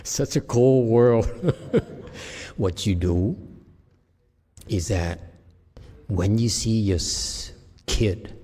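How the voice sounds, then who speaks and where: A man's voice: lowish voice, drawn-out words, pauses often, warm tone, slightly rough, big-room sound. A man as a Chan meditation teacher giving a dharma talk to a group, laughing often and checking in with "okay?".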